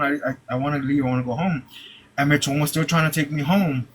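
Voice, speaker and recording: A young man telling a personal story live, halting, with many "like"s and repeated restarts. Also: a little high, fairly even intonation, a little hiss or hum, rough recording.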